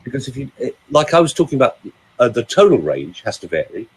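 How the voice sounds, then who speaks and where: A man who works as a vocal coach, telling a story in casual chat, with a lively, animated way of talking. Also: mid-range voice, fast, slightly rough, low-quality recording.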